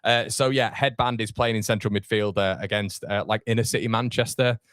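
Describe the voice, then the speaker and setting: Chatty man, low voice. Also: fairly even intonation, fairly quick, a bit bright, no echo, clean studio sound. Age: 30s. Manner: chatty, rambling, lots of fillers and restarts. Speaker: fan channel watchalong host. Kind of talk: casual live-stream chat reading comments.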